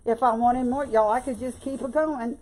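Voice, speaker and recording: A woman's voice: on the high side, steady tone, normal speed, a little mellow, a little hiss or hum. A woman giving a chatty, folksy live-stream tutorial on making bows, often calling viewers "y'all" and "babe". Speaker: bow-making instructor.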